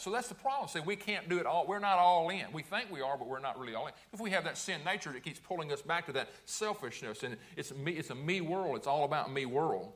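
A male pastor delivers a sermon at a quick clip, his voice sitting a little high for a man. He keeps asking the congregation rhetorical questions and answering them himself, doubling back on his words as he presses each point. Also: expressive, fairly bright tone. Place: church sanctuary.

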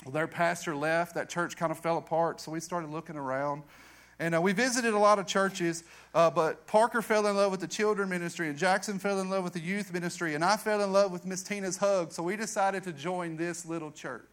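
Earnest high-voiced man preaching. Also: fairly even intonation, brisk. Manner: earnest storytelling, voice drops low and soft for emphasis. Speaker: youth pastor. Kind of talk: testimony sermon. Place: church sanctuary.

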